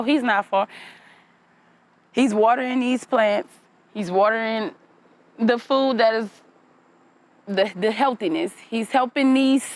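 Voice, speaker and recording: Chatty mother with faint music behind. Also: on the high side. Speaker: mother and community gardener. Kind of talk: documentary interview.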